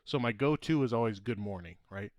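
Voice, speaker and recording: A man's voice: fairly low pitch, lively intonation, a little fast, no room sound. Guy on a podcast telling a story, keeps restarting and cracking up, dry close mic. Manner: rambling storyteller, laughs often, trails off mid-sentence. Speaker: podcast co-host. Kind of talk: casual chat.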